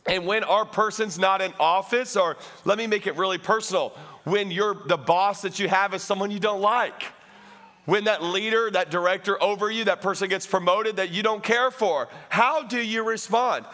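Preaching a lively sermon at a moderate pace, this pastor has a high, ringing voice with a bright, forward tone. He speaks directly to the congregation, keeps his energy high, and breaks into loud, comic shouts.

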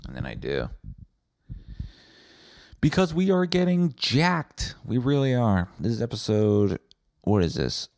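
Mellow-voiced man ranting sarcastically. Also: mid-range voice, sing-song, a little slow, pauses often, dry recording. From Winnipeg, Canada. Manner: sarcastic, rambling, profane. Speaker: podcast host. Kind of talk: comedic monologue.

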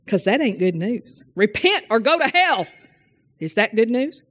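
Woman preacher, fairly high voice, folksy and fired up, lots of hallelujahs and amens, quizzing the crowd. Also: big pitch swings, a little slow. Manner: fervent, often exclaims "hallelujah" and "amen"; questions listeners directly and calls on them by name. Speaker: Bible teacher. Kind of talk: sermon.

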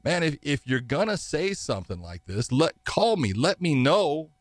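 A man's voice: a little high, sing-song, normal speed, no echo. A man telling long anecdotes as an interview guest, rambling, laughing often, acting out what others said. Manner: rambling, laughs often, acts out quoted voices. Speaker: guest, fight referee. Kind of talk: anecdotal storytelling.

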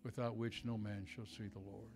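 A man in his eighties preaching a fervent revival sermon in a church, swinging from loud exhortation to soft personal words. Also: fairly low pitch, level tone, moderate pace, music in the background. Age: 80s.

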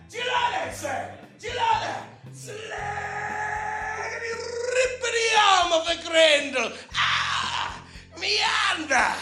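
A man performing a boisterous story beast who retells an epic live in broken English, swearing and shouting sound effects. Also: very high voice, full character voice. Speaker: comedy performer.

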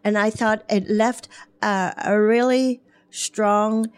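Interview guest: woman, an animated storyteller who acts out voices and laughs a lot. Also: medium pitch, slow pace, clear, resonant tone. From Germany. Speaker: guest, hairdresser. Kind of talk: storytelling in a talk show interview.

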